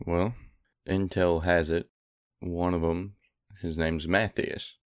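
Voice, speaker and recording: A man playing his character at a tabletop game, speaking in a halting, hesitant way. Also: low-pitched, little pitch movement, clean tone, no echo, clean studio sound. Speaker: player.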